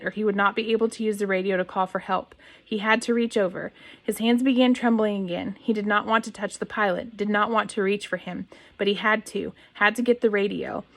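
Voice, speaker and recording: A woman reads a novel aloud at a mid pitch, plainly and steadily. Now and then she restarts a line or clears her throat.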